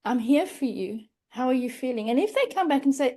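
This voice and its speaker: A middle-aged woman talks earnestly as a podcast guest. Her voice sits a little high yet sounds mellow and soft-edged. She slips into little quoted voices as she explains. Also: lively intonation, a little fast. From Australia. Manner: earnest, acts out quoted phrases. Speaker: grief coach, guest. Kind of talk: podcast interview.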